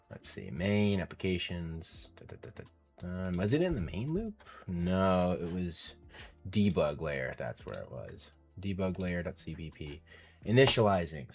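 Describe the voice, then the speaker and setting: Low-voiced man muttering through code. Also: a little mellow. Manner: mutters code aloud, self-deprecating, easily frustrated. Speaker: programmer live-streaming coding. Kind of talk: casual think-aloud coding commentary.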